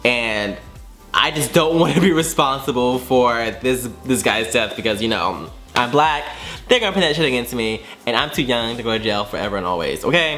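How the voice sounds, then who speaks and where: Animated, profane young man telling a story. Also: mid-range voice. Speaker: vlogger. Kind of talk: storytime vlog.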